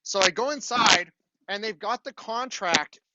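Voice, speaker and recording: This middle-aged man, a university lecturer, tells a story in class with a high-pitched, bright, forceful voice at a measured pace. He keeps the storytelling chatty and checks in often with "okay?", and the recording is dry.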